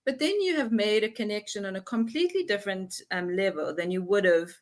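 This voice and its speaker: Young woman facilitator, chatty and lively, mimics dialogue as she explains. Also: medium pitch, brisk. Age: young adult. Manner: animated, acts out little dialogues. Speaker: workshop facilitator. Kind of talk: conversational explaining.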